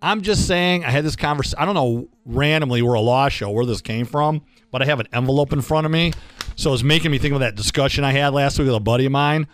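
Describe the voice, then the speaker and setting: A man hosts a radio law show in a casual, joking way. His voice sits at an ordinary middle pitch and sounds close and dry in the studio. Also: no echo. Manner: chatty, quick asides and jokes.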